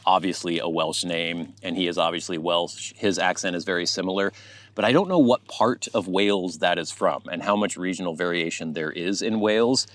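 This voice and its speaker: A US man with a low, slightly bright voice hosts his own YouTube channel. His talk to camera is casual and chatty, wandering as he thinks aloud.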